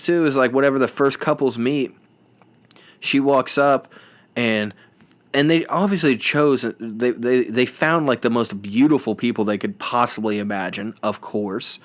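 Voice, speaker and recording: A young man hosting a solo podcast, rambling and self-deprecating with lots of restarts and fillers. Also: medium pitch. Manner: playful mimicking of reality show voices. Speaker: podcast host.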